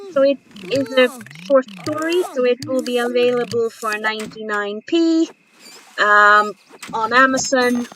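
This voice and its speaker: A woman streaming a game, chatting casually and rambling, with many pauses and ums. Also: medium pitch, poor audio. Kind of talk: casual chat while playing a game.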